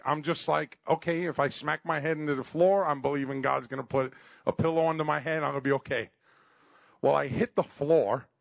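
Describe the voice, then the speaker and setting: Middle-aged male preacher, gravelly and a bit high, animated storyteller, dull dry recording. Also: no echo. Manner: animated, jokey, calls for amens. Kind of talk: storytelling sermon.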